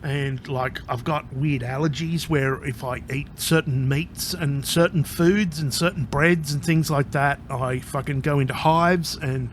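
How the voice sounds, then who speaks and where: A man's voice: on the high side, steady tone, unhurried, few pauses, slight background noise. A man talking casually to camera in a rambling vlog monologue, swearing constantly as he tells his story. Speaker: vlogger.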